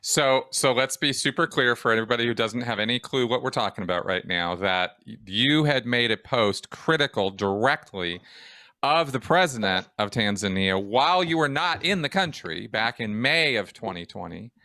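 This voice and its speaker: A man hosts an interview podcast, stepping in to sum up his guest's account with firm emphasis. His voice is bright and sharp. The sound is dry and close. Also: mid-range voice, expressive, normal speed, dry recording. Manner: clarifying, emphatic summarizing. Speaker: podcast host.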